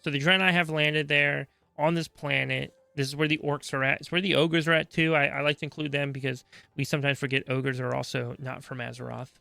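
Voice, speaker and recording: A man's voice: fairly high pitch, little pitch movement, fairly quick, vocal fry, bright, forceful tone, dry recording, soft background music. A man hosting a podcast, explaining game lore in a chatty, casual way and checking in often with "right?". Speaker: podcast host.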